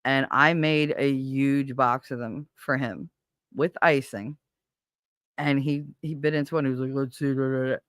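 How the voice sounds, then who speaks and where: A man hosting a casual live stream speaks in an unhurried, mid-range voice, yet stays blunt and animated, swearing a lot as he tells stories. It's a studio-quality recording without echo.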